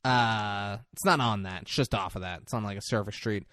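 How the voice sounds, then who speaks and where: A man's voice: on the low side, brisk, fairly bright tone, no room sound. A young man hosting a podcast in loose, joking banter, swearing freely. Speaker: podcast host.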